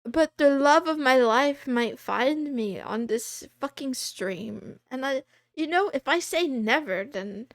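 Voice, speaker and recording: Woman livestreamer, high voice, swooping animated pitch, dry close sound, casual rambling chat, slightly hoarse. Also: takes it slowly, no room sound. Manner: animated, rambling, laughs often. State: losing her voice. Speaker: VTuber streamer.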